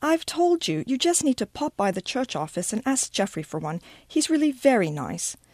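A prim English teacher who puts a barb in every word, her voice pitched high and sniffy, as a woman reader puts her on. She swoops up and down with disdain. The sound is close and dry. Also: big pitch swings, moderate pace, a little mellow, dry recording. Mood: haughty. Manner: barbed, haughty, high and sniffy.

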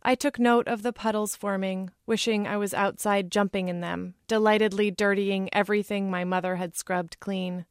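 A woman author reading aloud from her novel in a measured literary manner, close to the mic. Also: mid-range voice, steady tone, no room sound.

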